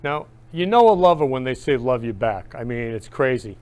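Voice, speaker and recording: A man hosting his own show, talking in an eager, gushing monologue that swings up loud on key phrases. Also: mid-range voice, animated, moderate pace, smooth. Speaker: host. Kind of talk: enthusiastic casual monologue.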